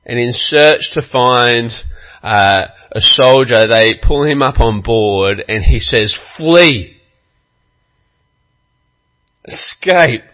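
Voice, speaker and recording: A man preaching a sermon as pastor, telling a story slowly and earnestly and acting out its quotes. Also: mid-range voice, bright, forceful tone, rough recording.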